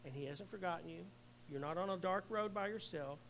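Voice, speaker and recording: A middle-aged male pastor preaching a sermon, earnestly, swelling loud and then dropping to a hush. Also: sits high, brisk, a little hiss or hum, rough recording.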